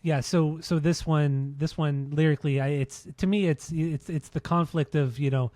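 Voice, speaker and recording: A man's voice: fairly high pitch, steady tone, normal speed, a little mellow, no room sound. A man co-hosting a music podcast, explaining songs in an earnest, casual chat, often repeating and restarting his words. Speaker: podcast co-host.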